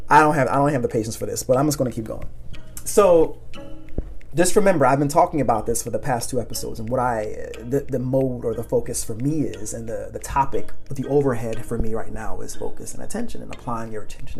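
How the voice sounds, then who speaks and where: A man tells a story on his own podcast, loose and rambling, laughing often and jumping up in pitch to act out what others said. His voice sits in a middle register, with faint music playing quietly behind him. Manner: rambling, animated, laughs often, acts out quotes. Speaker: podcast host. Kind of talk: casual storytelling monologue.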